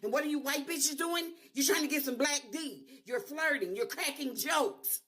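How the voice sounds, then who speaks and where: A woman's voice: sits high, normal speed, a bit bright. A woman in an angry, emotional video rant, swearing freely.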